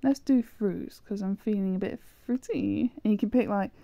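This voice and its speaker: In a medium-pitched, warm voice with vocal fry, a woman speaks at normal speed while playing a language-learning game for her gameplay videos. She rambles and teases herself, often hesitating or trailing off, and the recording has no room sound and cut-off highs.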